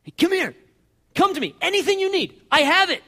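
A preacher voicing a patient, beckoning divine teacher who keeps calling someone closer, repeating his gentle call again and again. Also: very high-pitched, big pitch swings, a little fast, voice pushed up, full character voice. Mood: coaxing.

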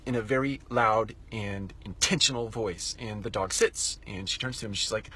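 A man's voice: lowish voice, moderate pace, sharp tone, slightly rough. A middle-aged man hosting a solo podcast, telling a story and drawing a reflective lesson from it. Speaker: podcast host.

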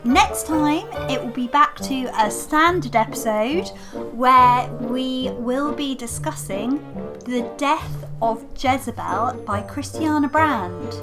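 A British woman co-hosting a podcast in casual chat, giggly and playful, thinking her ideas through out loud. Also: high-pitched, slow, music in the background. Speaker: podcast co-host.

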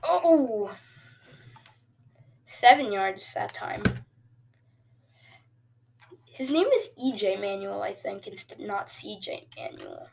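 A woman hosting casual video game commentary, excitable and jokey, with sudden cheers and quiet asides. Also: medium pitch, slow pace, gravelly, long pauses, a little hiss or hum. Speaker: host.

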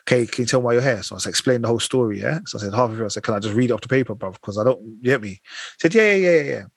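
Young man, husky voice, rapid talk, podcast storyteller. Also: medium pitch, no echo. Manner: animated anecdotes full of slang and acted-out quotes. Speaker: podcast co-host. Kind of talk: casual chat, storytelling.

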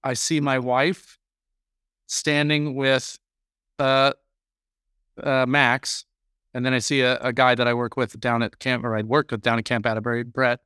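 A man's voice: mid-range voice, level tone, measured pace, pauses often, bright, forceful tone, clean tone, no room sound, studio quality. Rambling storytelling podcast man. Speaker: podcast co-host. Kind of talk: casual chat.

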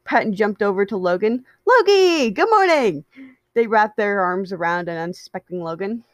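A woman's voice: medium pitch, fairly even intonation, brisk, no room sound. A woman reading fan fiction aloud. She stumbles over words, corrects herself, and adds chatty asides. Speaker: story reader.

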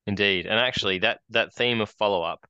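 A man's voice: fairly low pitch, brisk, bright, forceful tone, smooth, no echo, lo-fi sound. An Australian man in his forties, co-hosting a podcast and telling a long rambling story with many restarts. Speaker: podcast co-host. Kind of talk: casual chat.

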